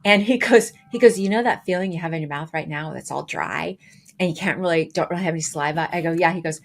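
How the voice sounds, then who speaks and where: A woman co-hosting a podcast, casually telling a story with lively, acted-out quotes. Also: lowish voice, fast talker, gravelly. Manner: animated, acts out quoted dialogue with voices. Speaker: podcast co-host.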